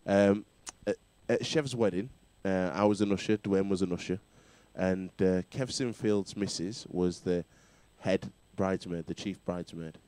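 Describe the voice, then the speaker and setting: A man's voice: low-pitched, measured pace, few pauses, a little mellow. A man hosting a casual rugby chat show, bantering and laughing often. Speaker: talk show host.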